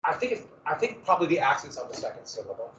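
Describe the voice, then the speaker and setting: A man's voice: a little high, sing-song, fast, fairly bright tone, distant mic, a little hiss or hum. A man teaching a history class in a casual lecture, with joking asides and dramatic emphasis. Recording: echoey, muffled classroom recording from afar.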